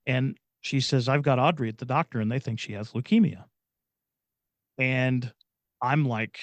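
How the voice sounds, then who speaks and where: A man's voice: mid-range voice, no echo, highs cut off. Earnest middle-aged man, dry close sound. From Indiana, USA. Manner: earnest, halting retelling with many restarts. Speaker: podcast guest. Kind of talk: personal storytelling in casual chat.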